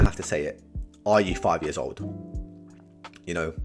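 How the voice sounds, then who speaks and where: A man's voice: low voice, a little slow, long pauses, over loud music. Slangy young man with big swings. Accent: British. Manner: slangy and animated, keeps saying "bro", swings from mumbling to shouting. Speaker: tier list host. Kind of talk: casual comedic tier-list commentary.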